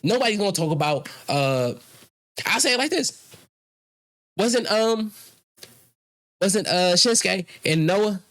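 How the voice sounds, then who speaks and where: A man's voice: sits high, animated, slow, long pauses, a bit bright. A man, co-hosting a podcast and arguing his point hard, swearing and talking over the others. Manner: emphatic, argumentative, swears, talks over others. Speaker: podcast co-host. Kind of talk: heated casual debate.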